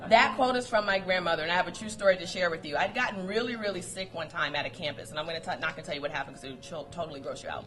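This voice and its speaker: A woman giving a motivational talk to coworkers, lively and storytelling, quoting sayings and laughing often. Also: fairly low pitch. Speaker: motivational speaker.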